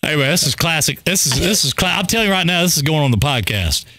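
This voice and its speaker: A man's voice: fairly high pitch, expressive, fast talker, pushed and bright, a little hiss or hum. A man co-hosting a casual talk show, talking animatedly with many stammered restarts and quoted movie lines. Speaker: radio show co-host. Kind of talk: casual chat.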